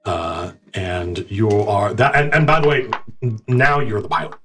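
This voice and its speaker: Game master, male, lowish register, halting rambling delivery. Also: steady tone. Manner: rambling, halting, many restarts and fillers. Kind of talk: narrating a tabletop game.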